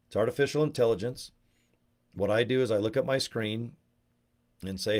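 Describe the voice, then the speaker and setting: A network marketing promoter from Utah speaks at normal speed in a lowish, darkish voice during a casual video chat. He promotes his business while joking, wandering into tangents and doing silly voices.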